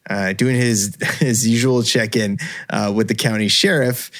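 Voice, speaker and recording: A man's voice: on the low side, fairly even intonation, a little slow. A man from Northern Virginia with no regional accent, casually telling a story on a podcast with lots of fillers and restarts. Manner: rambling, hesitant, many fillers and restarts. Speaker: podcast co-host presenting the case.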